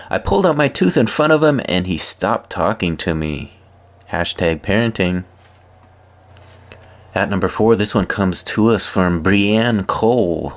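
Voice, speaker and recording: Casting note: low-voiced male host, reads viewer posts for laughs, dry deadpan asides. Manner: wry deadpan asides between readings. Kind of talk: comedic reading of social media posts.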